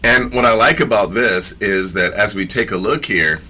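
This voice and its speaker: A man's voice: fairly low pitch, moderate pace, pushed and bright. A man teaching from scripture in a casual sermon, reading verses aloud and breaking in with slangy, emphatic asides and repeated phrases.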